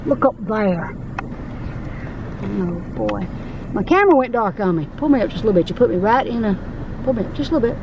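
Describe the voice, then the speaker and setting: A woman's voice: mid-range voice, expressive, a little fast, gravelly, pauses often, lo-fi sound, noisy background. Chatty Southern woman outdoors. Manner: chatty, enthusiastic, addresses viewers as "y'all". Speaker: vlogger. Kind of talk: casual vlog narration.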